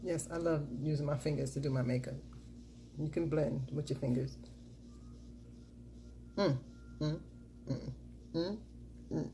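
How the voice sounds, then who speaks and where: Middle-aged woman vlogger, deep mellow voice, chatty and upbeat, recorded on a camera mic with faint hiss. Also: a little slow, pauses often. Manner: chatty, repeats catchphrases and cheers herself on. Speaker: makeup vlogger. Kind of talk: casual makeup tutorial chat.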